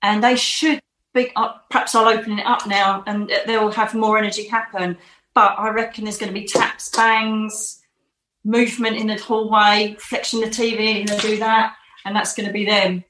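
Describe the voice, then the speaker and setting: A woman's voice: medium pitch, little pitch movement, moderate pace, a bit bright, a little hiss or hum. Rambling woman medium, roomy echo. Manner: emotive, reassuring, rambling. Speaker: psychic medium. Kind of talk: live psychic reading.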